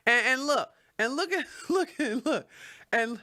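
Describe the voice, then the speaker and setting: A woman's voice: high voice, lively intonation, a little slow, bright, forceful tone. A woman hosting a livestream, ranting bluntly and heatedly with lots of swearing, and stopping to read viewer comments. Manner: reads viewer comments aloud. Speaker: livestream host. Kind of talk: profane livestream rant.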